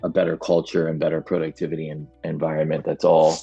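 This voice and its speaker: Very low, gravelly-voiced man. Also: completely flat delivery, quick pace, dark tone, no echo, dull audio, faint music behind. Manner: plain-spoken, lots of agreeing interjections. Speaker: podcast co-host. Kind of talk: casual business chat.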